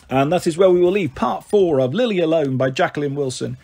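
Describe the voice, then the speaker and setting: A man reading a children's novel aloud as a storyteller, expressive and animated. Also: fairly high pitch, a little fast, gravelly, few pauses, slightly rough.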